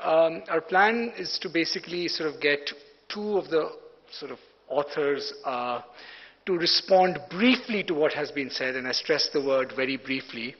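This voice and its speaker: An Indian man moderates a panel in a large hotel hall, polite and full of hesitations. His voice sits somewhat high. The recording is dull and heavy with long reverb. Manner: hesitant, many fillers, polite.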